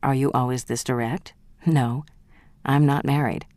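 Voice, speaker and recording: An audiobook reader voicing a charming, smooth-talking heir, teasing and unhurried. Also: medium pitch, steady tone, a little mellow, no room sound, lightly acted.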